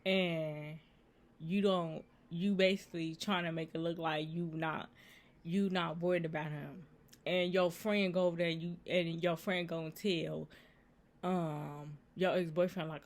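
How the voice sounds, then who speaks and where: A woman's voice: on the low side, fairly even intonation, moderate pace. A woman giving earnest, repetitive faith advice in a casual vlog, talking straight to her viewers. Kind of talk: casual Christian encouragement vlog.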